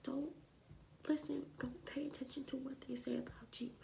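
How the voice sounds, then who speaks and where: A woman voicing a gentle mother comforting her upset child, in a whispered role-play with a soft, hushed, tender voice. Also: sits high, little pitch movement, moderate pace, vocal fry, distant mic, a little hiss or hum, voice pushed up. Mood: soothing.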